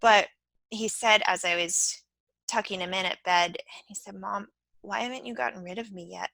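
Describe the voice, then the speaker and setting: A woman hosting a casual interview, her voice bright and forward. She tells stories with playful quoted asides, recorded dry with no room sound around her. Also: medium pitch, steady tone, moderate pace, gravelly, no room sound, poor audio. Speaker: host.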